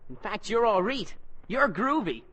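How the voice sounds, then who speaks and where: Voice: medium pitch, sing-song, a little slow, a bit bright. A bouncy, slangy teenage boy. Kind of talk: 1940s radio acting.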